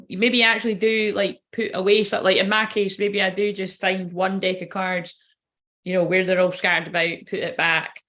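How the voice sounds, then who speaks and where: A woman's voice: medium pitch, a bit bright. A young woman, a tarot card reader, chatting casually and rambling to her viewers, laughing often and swearing freely.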